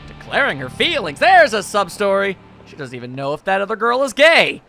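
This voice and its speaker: A man's voice: high-pitched, wildly swooping pitch, a little fast, vocal fry, bright, forceful tone, soft background music. A man giving joking, wry commentary while playing a video game. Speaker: gaming channel host. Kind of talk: let's play commentary.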